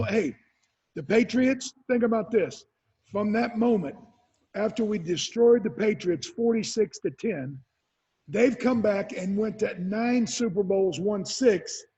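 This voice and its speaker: A man's voice: high voice, slightly rough. A retired football player in his sixties, telling stories in an interview and acting out what people said. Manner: animated storyteller, acts out quotes. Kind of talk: storytelling interview answers. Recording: dull lo-fi sound.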